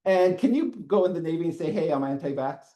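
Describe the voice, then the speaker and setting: Man, middle-aged, university lecturer, animated swooping delivery, classroom talk, frequent "okay" check-ins. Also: a little high, fast talker. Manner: lively, chuckles often, checks in with "okay".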